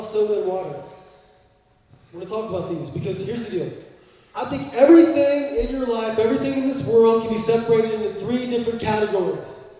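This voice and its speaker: A man's voice: high voice, mellow. A man preaching a sermon as pastor, conversational and emphatic, with joking asides and repeated key phrases. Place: large church hall. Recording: echoey church hall, mic far off.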